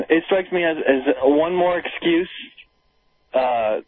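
A man with a higher voice speaks slowly as co-host of a casual political talk radio conversation, his audio tinny like a phone line. Sardonic and conspiratorial in tone, he keeps talking over his cohost.

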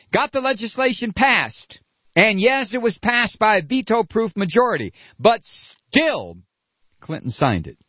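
A man's voice: high voice, husky, no room sound. A man delivering an angry political rant, profane and sarcastic, with mocking asides. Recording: dull lo-fi recording.

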